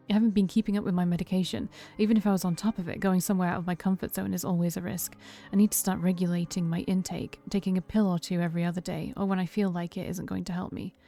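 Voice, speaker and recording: A woman streamer reading a game's first-person narration aloud, steady and calm, with brief asides of her own. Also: mid-range voice, creaky. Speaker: game streamer. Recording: faint music behind.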